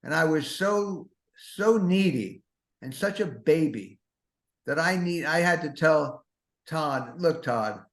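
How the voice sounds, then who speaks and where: An older man with a slightly high voice spins rambling, self-deprecating comic stories, doubling back on himself in anxious asides. The room around him rings with a noticeable echo, as if recorded in a bare space. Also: lively intonation. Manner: self-mocking, neurotic, rapid-fire asides. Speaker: podcast host. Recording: roomy echo.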